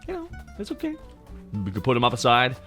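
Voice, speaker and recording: A man in his thirties with a naturally deep voice, chatting casually and teasingly with his stream audience, close to the mic. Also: wildly swooping pitch, fast talker, fairly bright tone, faint music behind. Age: 30s. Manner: joking, teasing, talks straight to chat. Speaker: VTuber streamer. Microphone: close to the microphone.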